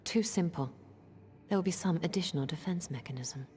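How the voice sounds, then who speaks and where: A woman voicing a calm, wary female adventurer in a video game, measured and dry in her delivery. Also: low-pitched, soft background music, lightly acted.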